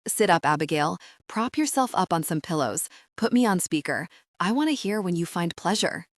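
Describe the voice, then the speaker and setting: A woman narrating an audiobook voices a confident adult male lover on the phone, speaking slowly in a low, coaxing, commanding way. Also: expressive, no echo, clean studio sound. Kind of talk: audiobook character voice.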